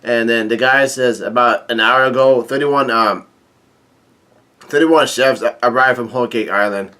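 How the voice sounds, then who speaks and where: A man reads a comic chapter aloud in a plain, mid-pitched voice. He stumbles and restarts often and fills gaps with "uh" and "um". He tosses in his own casual remarks between the lines he reads. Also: fairly even intonation, pushed and bright. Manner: halting, many fillers and restarts; reads dialogue aloud with light commentary. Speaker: manga chapter reader. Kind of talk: casual manga read-through.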